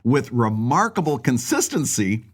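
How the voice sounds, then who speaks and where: A man's voice: medium pitch, very animated, measured pace, breathy edge. A man co-hosting a podcast, chatting casually and rambling through stories with frequent laughter. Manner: rambling storyteller, laughs often. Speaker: podcast co-host.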